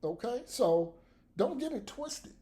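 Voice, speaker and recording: Male vlogger for an unfiltered rant: mellow tone, swooping lively delivery, blunt and profane. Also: very high-pitched, slow. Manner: blunt, profane, laughs between points. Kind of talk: profane ranting commentary to camera.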